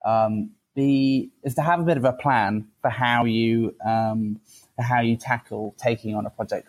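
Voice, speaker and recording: A man hosts a relaxed podcast conversation at an ordinary pitch. He circles around his points and restarts his sentences often. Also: poor audio. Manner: hesitant, many fillers and restarts. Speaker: podcast host. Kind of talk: casual podcast interview.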